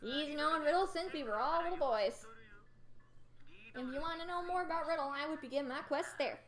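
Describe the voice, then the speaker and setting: A woman's voice: high-pitched, moderate pace, fairly bright tone, faint music behind. A woman voicing a sly, riddling cat-eared teen boy who teases and dodges questions in a game reading. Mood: sly teasing. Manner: teasing, evasive, singsong.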